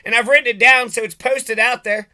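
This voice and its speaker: Man, sharp tense voice, ranting vlog commentary, profane, sarcastic. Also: very high-pitched, steady tone, brisk. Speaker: vlogger.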